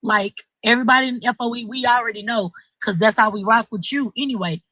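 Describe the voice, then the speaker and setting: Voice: medium pitch, fast talker, bright, forceful tone, no echo, low-quality recording. A juror on a live stream chatting casually, speaking up earnestly in support of the host.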